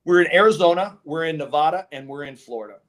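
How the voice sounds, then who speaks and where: He speaks at a quick pace with a voice on the high side, a solar company co-owner telling tales in a laid-back interview. His delivery is animated, full of acted-out dialogue and laughter.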